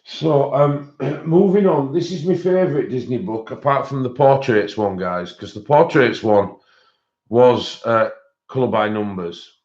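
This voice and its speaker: A man's voice: medium pitch, measured pace, darkish tone. A man hosting a colouring live stream in casual, rambling chat, greeting viewers by name. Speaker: colouring channel host. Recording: dull lo-fi stream audio.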